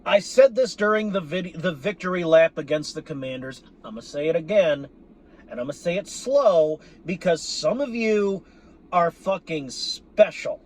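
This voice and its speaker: A man's voice: high-pitched, a little slow. A man venting in a profane, exasperated monologue about his team, sarcastic and repeating himself for emphasis. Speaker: sports fan vlogger.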